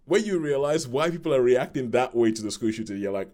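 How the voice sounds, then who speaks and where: Man, podcast film reviewer, casual rambling chat, animated retelling, mid-pitched voice. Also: fast, hardly any pauses.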